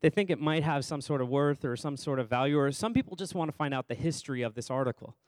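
Quick-paced and medium in pitch, this male pastor delivers a conversational sermon with no room sound. He calls on members of the congregation by name with questions and hammers home phrases by repeating them.

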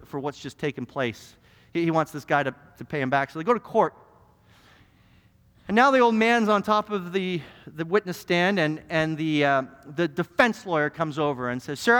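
A male pastor preaching a sermon, telling stories with emphatic, animated delivery. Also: on the high side, clean tone. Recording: long hall reverb.

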